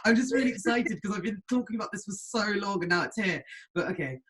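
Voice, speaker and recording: A young woman hosting a podcast in a casual, excitable way, giggling and tripping over her words. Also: mid-range voice, fast, noisy background. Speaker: podcast host. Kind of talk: casual chat.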